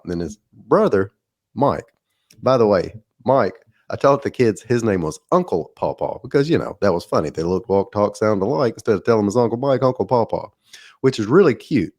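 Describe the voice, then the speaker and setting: A man's voice: fairly low pitch, lively intonation, fairly quick, a little mellow. A middle-aged man with a Southern drawl, hosting a podcast and telling a rambling, folksy story in a casual monologue. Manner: folksy, rambling, laughs at his own stories. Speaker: podcast host.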